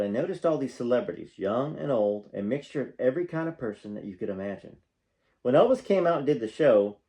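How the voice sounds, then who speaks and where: A man's voice: medium pitch, mellow. A man hosting a channel, reading a book aloud and stopping often for casual, folksy comments. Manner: breaks off to comment, folksy and conversational.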